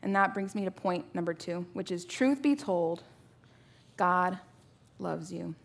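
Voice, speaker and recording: A woman in her thirties preaching a sermon to a church, telling personal stories in a conversational, animated way with many rhetorical questions. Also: mid-range voice, moderate pace.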